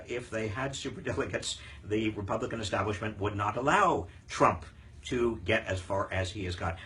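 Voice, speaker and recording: A man's voice: lowish voice, fairly bright tone, a little hiss or hum. An older man hosting a live viewer Q&A on politics, talking emphatically with frequent fillers and restarts. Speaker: host answering viewer questions.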